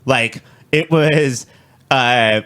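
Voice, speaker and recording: A man's voice: medium pitch, drawn-out words, fairly bright tone, smooth. A young adult man co-hosting a podcast, talking bluntly and profanely in casual, ranting chat. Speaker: podcast co-host. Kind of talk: casual chat about a TV show.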